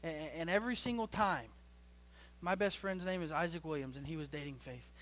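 A young man preaching a sermon to his church as pastor, swinging between loud rising bursts and low quiet stretches, often repeating and restarting phrases. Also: fairly quick.

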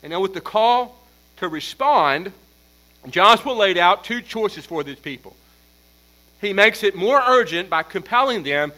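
A man preaching an expository sermon as pastor, emphatic, building force on repeated points and then dropping low. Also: animated, a little slow, sharp tone, poor audio.

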